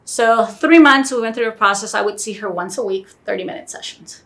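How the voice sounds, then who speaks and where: A woman's voice: mid-range voice, a little fast, vocal fry, fairly bright tone. A woman telling a personal story in a casual interview, acting out both sides of the conversations she recalls.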